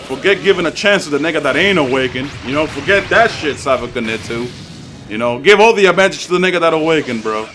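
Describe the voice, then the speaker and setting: A man giving excitable, profane live commentary over his own game matches, trash-talking opponents and hyping his plays. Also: a little high, fast talker, a little hiss or hum. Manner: excitable, profane trash talk, swings between hype shouts and mutters. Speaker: gaming YouTuber.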